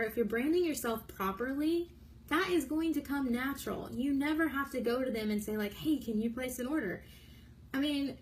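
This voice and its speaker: Bubbly, emphatic high-voiced woman trainer. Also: slight background noise, poor audio. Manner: energetic, emphatic, bubbly and blunt. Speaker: direct sales trainer. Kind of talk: motivational training talk to camera.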